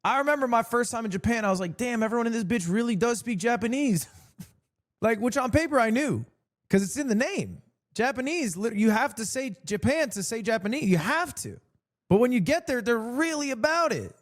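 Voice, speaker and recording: Lively joking male streamer. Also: normal speed. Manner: joking, animated storytelling with sudden pitch jumps. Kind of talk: casual stream chat.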